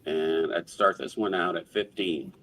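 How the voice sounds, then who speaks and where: A man hosting a live coin auction stream, calling bids in a brisk auctioneer patter. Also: low-pitched, fairly even intonation, a bit bright, slight background noise. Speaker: auctioneer host.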